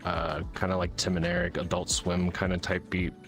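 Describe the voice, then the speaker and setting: Deep-voiced laid-back man. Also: completely flat delivery, normal speed, over music. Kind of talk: casual chat.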